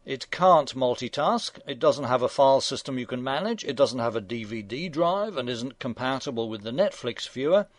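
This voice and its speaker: A man's voice: mid-range voice, expressive, moderate pace, hardly any pauses, no echo. A man hosting a radio show, reading scripted satirical commentary in a dry, sardonic, mock-indignant manner.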